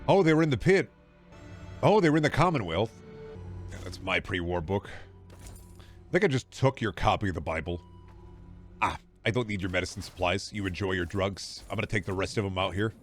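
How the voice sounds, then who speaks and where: A man's voice: deep voice, expressive, fairly quick, long pauses, faint music behind. A young man streaming a game, cracking sarcastic, profane jokes and rambling about what he finds. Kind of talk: casual gameplay commentary.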